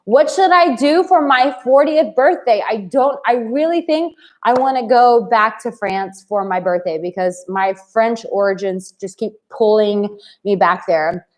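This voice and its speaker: A woman's voice: a little high, unhurried. A woman in her late thirties, a dating coach talking in a live stream, blunt and effusive as she reads viewers' comments aloud. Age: 30s. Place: home in Bali.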